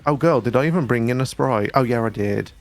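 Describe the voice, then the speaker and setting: A man's voice: mid-range voice, brisk, faint music behind. A man with a Geordie accent, chatting casually as a streamer and telling sweary, gossipy stories while playing. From North East England. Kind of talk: casual gaming chat.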